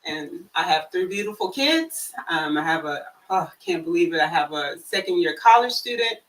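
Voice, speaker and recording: A woman in her forties, a guest on a casual talk show, speaking calmly with easy humor over a video call. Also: fairly low pitch, normal speed, distant mic, rough recording. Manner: calm, warm-humored, occasional laughs. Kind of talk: casual chat.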